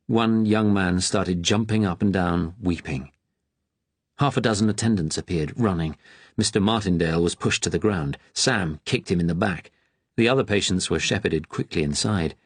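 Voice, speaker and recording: A man reading a novel aloud in a measured, grave manner. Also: fairly low pitch, slightly rough, no echo. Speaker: audiobook narrator. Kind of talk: scripted narration.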